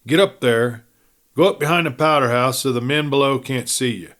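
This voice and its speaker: A man's voice: mid-range voice, moderate pace, a bit bright, natural voice. Male reader as a cool western gunman with a drawl, for a cowboy audiobook. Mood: urgent.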